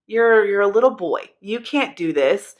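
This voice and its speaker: A woman's voice: mid-range voice, expressive, measured pace, dull audio, natural voice. A woman voicing a worried older king who talks in a cautious, lecturing way. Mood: warning.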